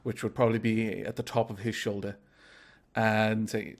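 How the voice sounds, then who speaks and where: A man's voice: on the low side, level tone, normal speed. Laid-back male tabletop player. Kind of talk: playing a tabletop game on a live stream.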